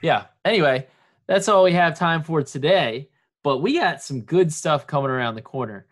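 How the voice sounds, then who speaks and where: A man's voice: a little high, animated, normal speed. A man co-hosting a casual sports podcast, chatty and playful, given to banter. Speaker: podcast co-host.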